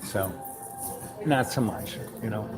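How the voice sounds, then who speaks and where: This host talks slowly in a fairly low voice, music playing underneath, rambling through a casual monologue full of "you know." Now and then he stages small conversations, lifting his voice to play the parts.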